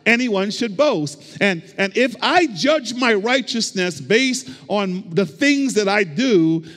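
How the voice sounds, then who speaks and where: Preaching in a church sanctuary, this male pastor has a high-sitting, fairly bright, expressive voice and a slow pace. His sermon relies on rhythmic repetition and call-and-response with the congregation, captured with long hall reverb.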